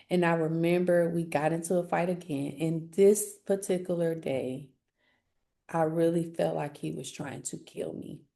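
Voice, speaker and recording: A woman sharing a personal testimony in an interview, speaking earnestly and haltingly with frequent restarts. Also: sits low, creaky, dark tone. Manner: earnest, halting, grows emotional. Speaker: interviewee telling her life story.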